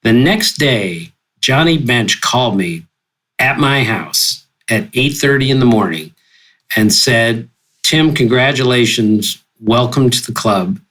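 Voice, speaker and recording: An older man telling stories with exuberant energy, his pitch leaping up for punchlines. He speaks at a mid pitch and keeps up an animated, storytelling pace. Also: a little slow, low-quality recording. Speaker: guest sportswriter. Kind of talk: storytelling interview.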